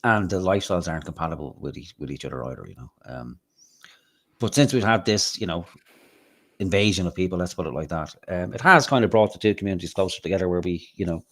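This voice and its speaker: Irish male host, very low voice, casual profane storyteller. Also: expressive, quick pace, fairly bright tone. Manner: swearing, rambling anecdotes with acted-out quotes. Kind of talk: casual live-stream chat, storytelling.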